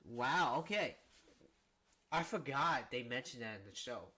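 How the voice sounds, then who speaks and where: A man's voice: medium pitch, expressive, fairly quick, sharp tone. A man streaming a casual manga reading, chatty and reacting aloud with frequent fillers.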